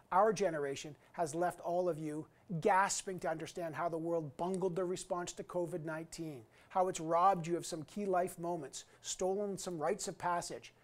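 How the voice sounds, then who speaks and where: A man in his fifties giving an earnest, emphatic graduation address as an alumni guest speaker. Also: sits high. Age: 50s. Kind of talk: recorded commencement address.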